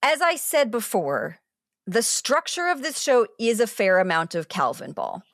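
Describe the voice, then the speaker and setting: A woman, a TV critic and podcast co-host, explaining a show in animated casual chat, full of asides and restarts. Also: a little high, unhurried, no echo, studio quality.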